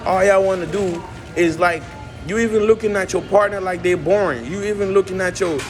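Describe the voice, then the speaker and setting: A man's voice: sits high, fairly quick, music in the background. A man vlogging from a coffee shop, rambling and emphatic as he fires off rhetorical questions to his viewers. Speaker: vlogger and musician. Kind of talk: casual rant to camera. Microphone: phone camera.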